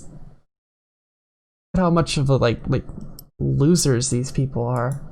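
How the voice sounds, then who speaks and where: A woman's voice: rumbling low, takes it slowly, gravelly, pauses often, dark tone. A woman giving casual political commentary in a blunt, profane, exasperated way, often stopping on fillers.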